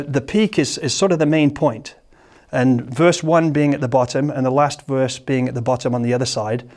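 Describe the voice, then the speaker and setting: Guy giving a sermon, stumbles and repeats words a lot, mid-pitched, reads scripture slow and careful. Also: darkish tone. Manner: halting, repeats words while thinking; slow, measured scripture reading. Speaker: preacher. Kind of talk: sermon teaching on a psalm.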